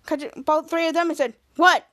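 A woman podcast host recapping a TV episode scene by scene in a choppy, stop-start way, jumping louder and higher to act out the characters' lines. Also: steady tone, fast.

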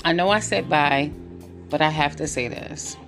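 Soft music plays under this woman's low, slightly bright voice at a moderate pace. Hosting a relationships podcast in a casual late-night monologue, she's chatty and laughs a lot before shifting into preachy, earnest encouragement.

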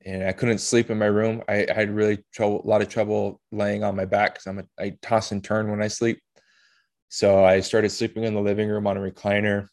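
A man hosting a podcast, telling a personal story in an emotional, halting way with blunt swearing. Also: on the low side, level tone, a little mellow. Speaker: podcast host.

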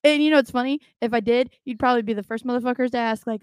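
A woman's voice: fairly high pitch, very fast, clean tone, no echo, clean studio sound. A young adult woman co-hosting a podcast in casual, blunt, profane chat, laughing often. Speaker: podcast co-host.

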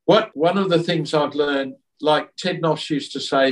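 A man being interviewed, talking in an earnest, reflective way with halting restarts. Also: fairly high pitch, far from the mic, low-quality recording. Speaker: interview guest. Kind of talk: reflective conversational storytelling.

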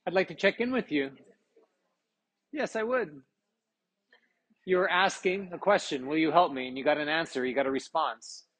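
Brisk, encouraging man with a husky voice. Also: on the high side, lively intonation, fairly bright tone. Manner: brisk and encouraging, with frequent "okay, very good" acknowledgements; laughs often while checking in with participants. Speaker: yoga teacher leading a group workshop. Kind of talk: live workshop instruction to a group. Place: live session at a retreat.

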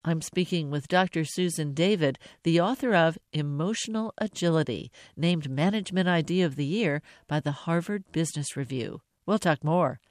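A man with a higher voice hosts the show and reads the outro in a smooth announcer delivery. The recording is dry. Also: normal speed, few pauses, no room sound. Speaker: radio interview host.

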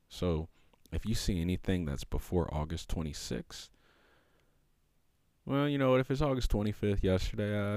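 A man's voice: low-pitched, creaky, darkish tone, no room sound. A man hosting a podcast alone, talking in a loose, reflective way, with many fillers and restarts. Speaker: podcast host. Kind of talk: casual reflective monologue.

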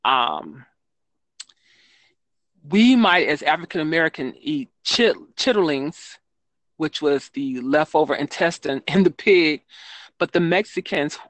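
This guest is a woman who writes children's books, and she speaks with a deep voice in a casual interview. She rambles, using lots of ums and correcting herself often, and there's no echo.

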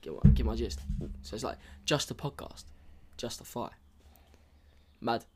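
An excitable young man chatting casually as a podcast co-host. His voice sits at an ordinary middle pitch, and he talks in quick slang and gets worked up as he pushes his ideas. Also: slightly rough. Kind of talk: casual chat.

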